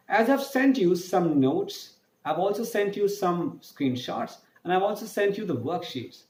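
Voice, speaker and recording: Guy teaching a french class to kids, kinda high voice, says key words twice, echoey room. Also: a little mellow. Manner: repeats key words, speaks to students directly. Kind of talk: online class lecture.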